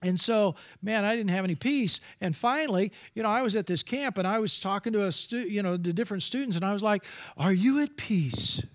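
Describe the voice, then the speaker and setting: A man's voice: high voice, quick pace, hardly any pauses, fairly bright tone. A middle-aged man giving a candid, confessional sermon as a preacher, with restarts and asides.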